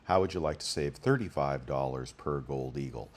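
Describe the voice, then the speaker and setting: Very deep-voiced man, chatty. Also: moderate pace, a little hiss or hum. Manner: rambling, chatty, talks through prices with many fillers. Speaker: bullion deals channel host. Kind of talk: casual screen-share commentary.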